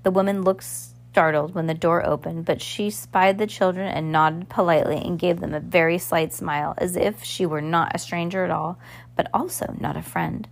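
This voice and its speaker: A woman's voice: fairly low pitch, steady tone, moderate pace, creaky. A woman reading a novel aloud as narrator, with occasional slips and restarts. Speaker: reader. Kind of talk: amateur audiobook narration.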